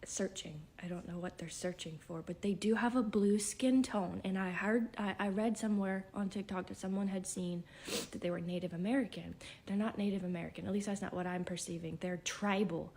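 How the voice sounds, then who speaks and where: A woman's voice: mid-range voice, steady tone, fairly quick, few pauses, darkish tone, slight background noise. Shaky, tearful woman half-whispering. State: emotional, tearful. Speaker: self-described psychic. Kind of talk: emotional spiritual vlog.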